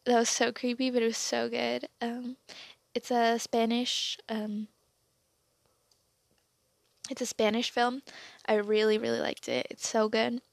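Chatty young woman with a gravelly voice. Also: a little high, fairly even intonation, measured pace, pauses often, no room sound. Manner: rambling, chatty, many fillers and restarts. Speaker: podcast host. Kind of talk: casual solo podcast chat.

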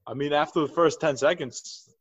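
A man chats casually as co-host while a fight plays, quick to react. His voice sits a little high. The audio is dry and dull, like a lo-fi call. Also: husky, dry recording. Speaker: podcast co-host. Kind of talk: casual chat over a live fight.

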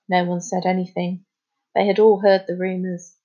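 A woman reading a children's book aloud as a teacher, with clear, expressive storytelling. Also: lowish voice, moderate pace. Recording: slightly muffled recording.

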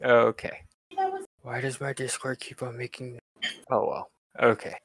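A man's voice: medium pitch, level tone, unhurried, a bit bright, no echo. A man running a tabletop game over an online voice call, laid-back with laughing asides. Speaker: game master.

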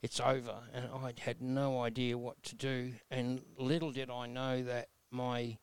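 A man's voice: medium pitch, completely flat delivery, a little slow, clear, resonant tone, no room sound. A man in his sixties with an Australian accent, telling his life story as an interview guest in a blunt, earnest, folksy way. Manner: blunt, earnest, folksy with mild self-mocking humor.

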